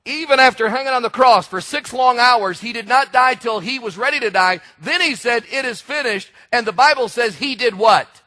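A male preacher delivers a sermon in a high, bright and forceful voice. He tells stories with lively energy and now and then bursts into shouts to drive a point home. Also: moderate pace, hardly any pauses. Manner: animated storytelling preacher, shouts for emphasis. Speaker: pastor.

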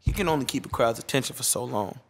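A man who works as a DJ, talking casually in an interview, laid-back and slangy, getting animated when he mimics people. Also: medium pitch, fast talker.

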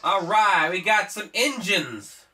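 A man co-hosts a let's play, full of sarcastic teasing and laughter. His voice sits high and very bright. The mic is some distance away, with game music under him. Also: animated, slow pace. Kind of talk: joking gameplay banter.

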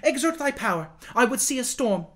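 A man's voice: sits high, very animated, normal speed, voice pushed up. A man voicing an eager, earnest young boy king who urges and pleads in a storybook reading. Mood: eager urging. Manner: earnest, urging.

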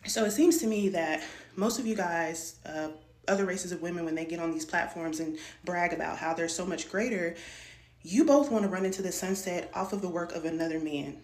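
A woman vlogger giving sassy, animated reaction commentary. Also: lowish voice, a little fast, roomy sound. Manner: animated, sassy, mimics voices.

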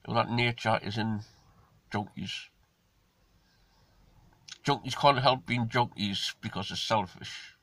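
A man's voice: on the low side, takes it slowly, long pauses, a bit bright, dry recording. A man giving a casual, ranting monologue, blunt and indignant. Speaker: vlogger.

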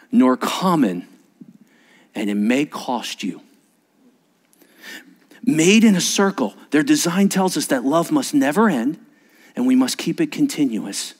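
A man preaching a sermon as a pastor, telling stories with animated delivery and acting out little voices. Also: medium pitch. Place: church sanctuary.

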